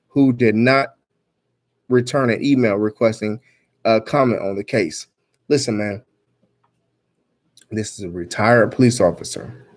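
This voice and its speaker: A man reads a news story aloud and rants about it in an angry, emphatic voice full of swearing. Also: medium pitch. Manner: angry, emphatic, swearing, rising to near-shouts. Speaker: vlogger commenting on news. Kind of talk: reading news aloud and ranting.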